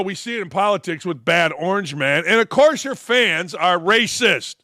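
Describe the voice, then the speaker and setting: A man's voice: high voice, normal speed, few pauses, bright, forceful tone, no echo, studio quality. A man hosting a sports talk show, giving blunt, sarcastic and mocking opinion commentary.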